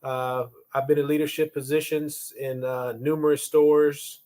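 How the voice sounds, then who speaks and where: A chatty man in his fifties with a slightly higher-pitched voice, hosting a casual livestream about leadership. He talks loosely to his viewers and greets them by name. The sound comes from a phone or webcam, likely in a hotel room. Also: flat delivery, unhurried, dark tone.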